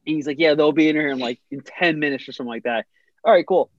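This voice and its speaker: A man's voice: fairly high pitch, fast talker, no room sound, lo-fi sound. A young man casually telling a funny story on a podcast, rambling with many restarts and laughing as he goes.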